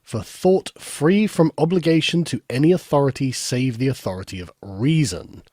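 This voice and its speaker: A man reading a scripted video essay in a measured, formal way. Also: medium pitch, warm tone, no echo, clean studio sound. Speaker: narrator of a played video essay.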